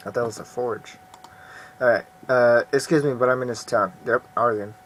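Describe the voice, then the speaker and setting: A man's voice: mid-range voice, fairly even intonation, moderate pace, fairly bright tone. Man, gaming commentary, casual, muttered asides, faint hum. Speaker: gaming video host. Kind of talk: let's play commentary.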